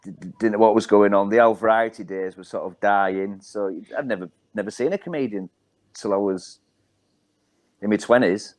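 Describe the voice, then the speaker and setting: A man's voice: fairly low pitch, normal speed, a little mellow. A middle-aged man with a Hull accent, a guest comedian telling rambling, wry stories with lots of ums. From Hull, England. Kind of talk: casual storytelling.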